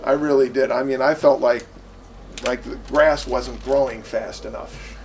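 A man's voice: medium pitch, steady tone, unhurried. A man preaching on evangelism, telling a personal story, acting out both sides of a conversation and asking his listeners questions. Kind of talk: sermon with acted-out anecdotes. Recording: distant mic with faint room noise.

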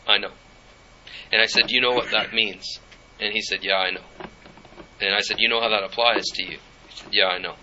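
A man's voice: on the low side, sharp tone. A middle-aged man preaching a sermon, telling a personal story and reading scripture in an earnest way. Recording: dull lo-fi with faint noise.

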